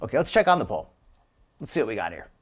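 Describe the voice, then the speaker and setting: A man's voice: lowish voice, very animated, fast talker, husky. A man hosting a live stream, chatting casually and rambling with frequent restarts and chuckles.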